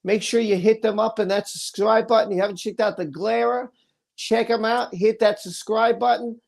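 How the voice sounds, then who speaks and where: A woman's voice: a little high, fairly even intonation, moderate pace, vocal fry, darkish tone. A woman hosting a casual livestream, effusively thanking viewers and tumbling over her words. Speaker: livestream host.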